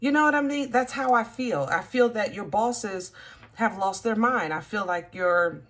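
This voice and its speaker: A woman talks straight to her viewers as she gives a collective tarot reading. Her talk is chatty and emphatic, and she pauses often with fillers. Her pitch sits in the middle for a woman. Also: lively intonation, a bit bright. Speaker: tarot reader. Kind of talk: casual tarot reading to camera.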